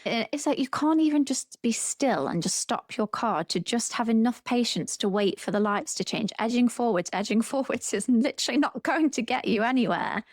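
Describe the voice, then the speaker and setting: A woman, a therapist co-hosting a casual podcast chat, reflective and quick to vent about her pet peeves. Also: on the high side, lively intonation, dry recording, clean studio sound.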